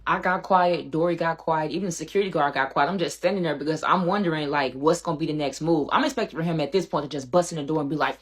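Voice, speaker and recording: A woman vlogger casually telling a story, addressing her viewers directly in an animated way. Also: low voice, quick pace, few pauses, slightly rough.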